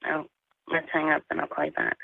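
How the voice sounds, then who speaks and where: Brief: hesitant phone co-host, gravelly tone, tinny line. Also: medium pitch, completely flat delivery, no echo. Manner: hesitant, halting, repeats words. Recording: phone-like narrow line, dry.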